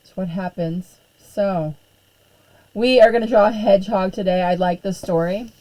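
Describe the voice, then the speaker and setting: A middle-aged woman art teacher chatting casually on a live stream, hoarse and losing her voice, filling pauses with ums and clearing her throat often. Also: mid-range voice, warm tone, rough recording.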